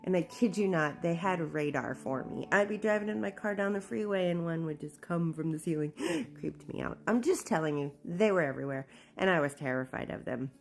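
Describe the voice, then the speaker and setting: A woman with a low, gravelly voice tells her own story candidly, slipping into the voices of the people in it. Faint music plays under her. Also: brisk, few pauses. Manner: candid, animated, acts out quoted speech. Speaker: memoir narrator. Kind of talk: personal storytelling.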